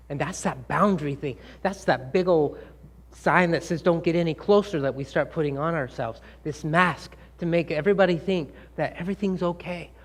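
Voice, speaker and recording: A man giving a talk to a live audience, asking them questions and acting out the scolding things people say. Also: a little high. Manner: engaging, asks the audience questions and acts out quoted scolding. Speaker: speaker.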